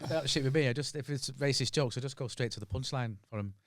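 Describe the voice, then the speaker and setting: A man's voice: mid-range voice, fast talker. A man, a comedian guest on a podcast, talking casually and emphatically. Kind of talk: casual chat.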